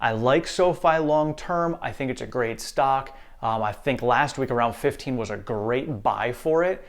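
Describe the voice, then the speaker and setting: Male investing host, mid pitch, casual and upbeat, reassures viewers directly. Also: a little slow. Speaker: stock market channel host.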